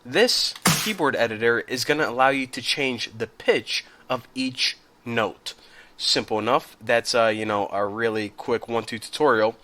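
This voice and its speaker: A man with a medium-pitched voice runs a casual screen-recorded software tutorial at normal speed. Relaxed and chatty, he speaks straight to his viewers and occasionally clears his throat.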